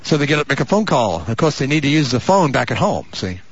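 A man preaching a sermon as pastor, building to fervent, drawn-out shouts and dropping into mock voices and asides. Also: mid-range voice, sing-song, husky. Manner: rising to fervent, stretched-out shouts. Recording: muffled lo-fi recording.

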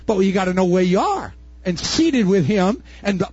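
Husky older man preaching with fervor. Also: sits high, very animated, moderate pace, no room sound. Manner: impassioned, rising to shouts, folksy asides. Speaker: pastor. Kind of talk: sermon. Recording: dull dry recording.

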